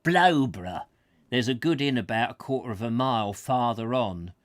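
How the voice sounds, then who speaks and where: A man reading aloud the gruff, savage reply of a grumpy passer-by on a windy road. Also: mid-range voice, expressive, normal speed, dry recording, clean studio sound, close to an everyday voice. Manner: savage, stressing each syllable. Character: grumpy man battling the wind.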